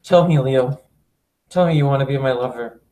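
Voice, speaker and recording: A man reading aloud the lines of an obsessive, unhinged young woman from a game, in a soft, intense voice. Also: medium pitch, normal speed, natural voice. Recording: echoey room.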